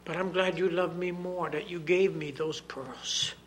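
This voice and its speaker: A man voicing a gentle, patient father who speaks softly and tenderly. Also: sits high, measured pace, a little hiss or hum, voice pushed up. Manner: soft, tender, calm.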